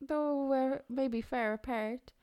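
A woman doing an impression of an older male film actor, reading verse in a slow, oddly paused way. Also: high voice, steady tone, warm tone, clear, resonant tone, dry recording. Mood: deadpan.

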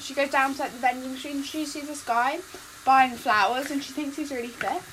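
A woman's voice: high voice, fairly even intonation, a little fast, fairly bright tone, low-quality recording. A young woman telling a long made-up love story in casual chat, rambling with lots of fillers, recorded while cooking in a kitchen. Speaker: podcast co-host. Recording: kitchen noise, frying sizzle.

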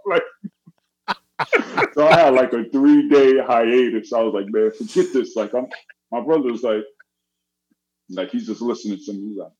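A middle-aged man telling a story in casual chat, animated and acting out the voices of the people in it. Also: medium pitch, normal speed, pauses often, slight background noise. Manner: animated, acts out quoted voices. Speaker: guest. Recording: dull lo-fi audio.

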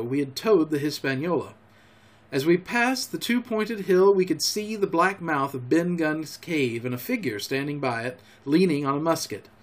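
A man, a podcast storyteller, reading a classic adventure novel aloud in a measured, expressive way. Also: on the high side.

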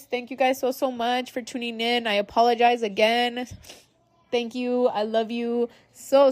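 A woman's voice: a little high, darkish tone, no echo. A young adult woman hosting her own podcast, talking loosely and profanely and calling her listeners guys. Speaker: podcast host. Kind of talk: casual solo podcast monologue.

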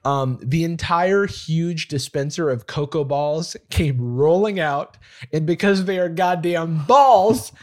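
A man's voice: on the high side, slow pace, darkish tone. A man co-hosting a podcast, reading a listener's email aloud and breaking off to laugh and comment. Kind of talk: casual chat, reading a letter aloud.

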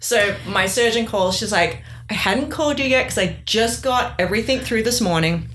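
A woman's voice: a little high, moderate pace, slight background noise. Woman telling a story animatedly. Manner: animated, acts out quoted dialogue. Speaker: guest sharing her story. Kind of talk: casual conversational storytelling.

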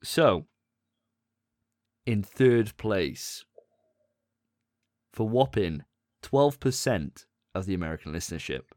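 A man hosting a podcast in casual chat, animated and often laughing. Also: fairly low pitch, no room sound, clean studio sound. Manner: animated, laughing, quick asides. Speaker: podcast host.

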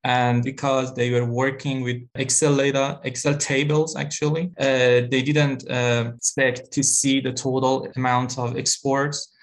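A man on a panel recounting a work experience, pausing often with hesitations. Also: mid-range voice, little pitch movement. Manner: hesitant, with frequent "uh" pauses. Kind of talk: conversational panel discussion.

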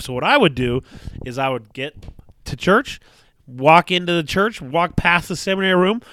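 A man's voice: fairly high pitch, sharp tone, clean tone, no echo. A man co-hosting a casual podcast, teasing his partner and telling stories from his youth. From Alaska. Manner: teasing, bantering. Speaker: podcast co-host.

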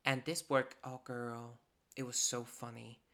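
A woman talking casually and playfully about an artist's work, with sassy, animated asides. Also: rumbling low, unhurried.

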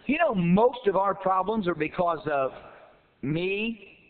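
A man preaching a sermon, telling a fable in a folksy, animated way that rises to emphatic peaks. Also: high voice, takes it slowly, slight background noise. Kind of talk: sermon with storytelling. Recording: tinny phone-like sound.

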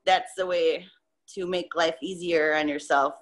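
A woman guest on a podcast, a musician, chatting casually in a loose, animated way with a lot of swearing. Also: fairly low pitch, a little slow. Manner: loose, profane, animated storytelling. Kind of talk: casual interview chat.

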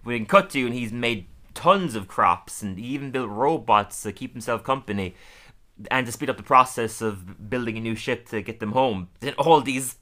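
A man hosts a casual podcast and recaps cartoon episodes with a grin in his voice. His tone is bright and forward. He laughs often and scatters fillers through his talk. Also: mid-range voice, normal speed. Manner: chatty, laughs often, many fillers, acts out quotes. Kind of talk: casual chat.

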